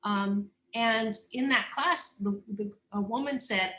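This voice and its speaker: A woman who is a psychologist and coach, a guest on a podcast interview, telling personal stories in a candid, animated, expressive way. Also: medium pitch, measured pace, few pauses, roomy sound. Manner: animated, expressive, acts out voices, laughs often.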